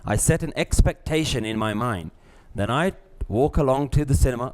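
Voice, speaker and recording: A middle-aged man, teaching a live class, lively, acting out little scenes and laughing often. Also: medium pitch, moderate pace. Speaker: spiritual teacher.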